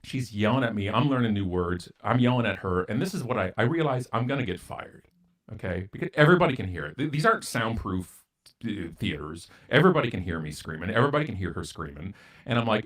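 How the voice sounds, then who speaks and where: With a fairly low, expressive, slightly bright voice and a fast pace, this Canadian guest recounts a story during an interview. He's blunt and pokes fun at himself, voicing both parties in the conversation.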